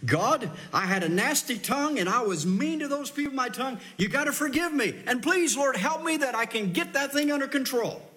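A man's voice: very high-pitched, expressive, a little fast, hardly any pauses, sharp tone, pitched above the performer's own voice, full character voice. A man voicing a flustered churchgoing wife who pleads with God and makes excuses for her temper. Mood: pleading.

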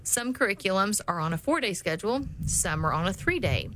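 Calm reassuring middle-aged woman. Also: medium pitch, a little fast, slight background noise, low-quality recording. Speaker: homeschooling mother. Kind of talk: scripted advice talk.

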